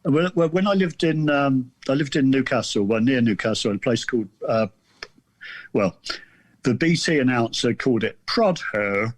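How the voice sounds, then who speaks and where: A man's voice: medium pitch, moderate pace, no echo. A man around sixty, a guest author telling a rambling, amused anecdote in casual chat.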